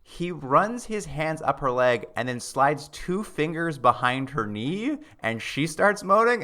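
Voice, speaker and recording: A man's voice: a little high, very animated, a little slow, hardly any pauses, pushed and bright. A man co-hosting a podcast in casual chat, recapping plot and acting out quoted lines with laughter. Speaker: podcast co-host.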